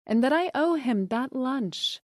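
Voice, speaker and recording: A woman's voice: sits high, expressive, unhurried, a little mellow, no room sound, clean studio sound, pitched above the performer's own voice. A woman voicing a glamorous, effusive divorcee. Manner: effusive, breezy.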